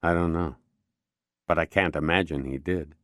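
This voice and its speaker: A man's voice: rumbling low, fairly even intonation, moderate pace, fairly bright tone, no room sound, studio quality. Man reading a weary, restrained police inspector. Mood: tense. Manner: restrained, tense.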